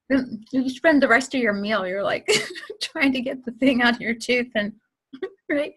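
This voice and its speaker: A woman's voice: a little high, slow, pauses often. A woman in her forties hosting a casual spiritual talk, chatty and laughing often as she tells stories. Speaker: host.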